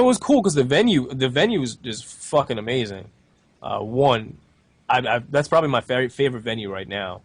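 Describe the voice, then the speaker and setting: A man co-hosting a podcast who talks quickly and rambles through his thoughts, swearing casually. His voice sits at a middle pitch and sounds dry. It is a close, relaxed chat. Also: no room sound. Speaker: podcast co-host.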